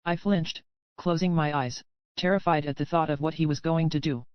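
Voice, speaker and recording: Audiobook narrator, woman, steady first-person storytelling; smooth tone, lo-fi dry recording. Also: low voice, normal speed, dry recording. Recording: dry, slightly dull lo-fi audio.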